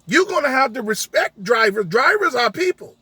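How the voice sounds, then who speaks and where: A rideshare driver with a very high, husky, sing-song voice and a bright, forceful edge tells a story as a heated, emphatic rant at normal speed. He keeps restaging the argument, quoting line after line with lots of "I said." The sound is dry and close, with no echo.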